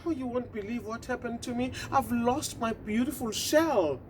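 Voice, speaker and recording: A woman's voice: on the high side, moderate pace, a little hiss or hum, pitched above the performer's own voice, close to an everyday voice. A woman voicing a sad little female tortoise in a storybook tale, pleading and tearful.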